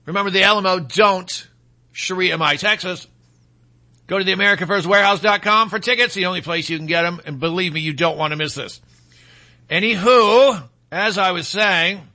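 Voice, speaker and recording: Bright-voiced man ranting sarcastically. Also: high voice. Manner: rambling, sarcastic, with asides and restarts. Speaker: podcast host. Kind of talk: opinionated political commentary.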